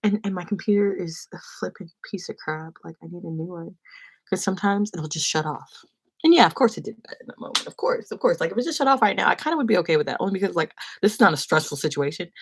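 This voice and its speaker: A young adult woman casually telling an animated, rambling story on her live stream. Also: fairly low pitch, fast talker, husky. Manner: animated, rambling, acts out quotes.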